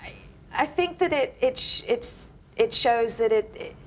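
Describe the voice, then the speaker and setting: A woman's voice: on the high side, expressive, unhurried. A woman from London with a British accent, a guest actress on a TV talk show, modest and wry, laughing easily.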